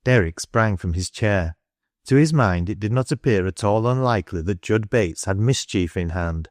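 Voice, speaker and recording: A man narrating a classic novel as an audiobook, in a steady, unhurried storytelling manner. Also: fairly low pitch, no room sound, studio quality. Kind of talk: scripted narration.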